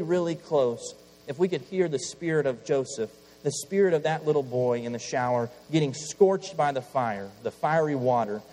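A man preaching a sermon while battling a cold, swinging from loud impassioned pleading to hushed, quiet passages. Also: mid-range voice. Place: church. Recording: long hall reverb, faint mains hum.

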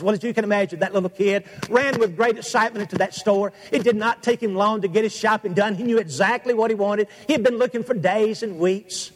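High-voiced preacher in an echoing church. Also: male voice. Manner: rhythmic, repetitive preaching with dramatic pauses. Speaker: pastor. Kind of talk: sermon. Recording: long hall reverb.

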